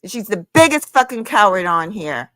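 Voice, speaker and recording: Profane, confrontational woman with a bright, tense voice. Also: mid-range voice, very animated, normal speed, dry recording. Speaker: livestream host. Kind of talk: angry livestream rant.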